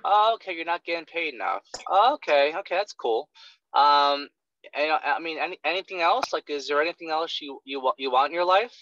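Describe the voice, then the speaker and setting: A man imitating a hesitant, monotone young male sales caller who stammers and fills every pause with ums, on a dull lo-fi recording. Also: on the high side, no echo. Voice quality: flat, robotic, full of ums and stammers.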